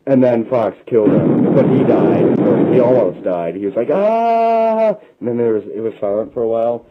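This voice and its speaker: A man's voice: lowish voice, brisk, slight background noise. Rambling man on a dull lo-fi recording. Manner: run-on "and then" storytelling. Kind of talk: rambling comic retelling.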